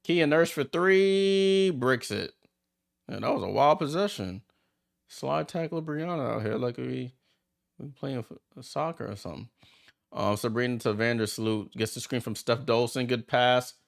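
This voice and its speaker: A man hosting a watchalong, giving chatty, excitable play-by-play as he reacts aloud to the game. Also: mid-range voice, a little slow, creaky. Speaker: watchalong host. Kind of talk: casual live play-by-play commentary.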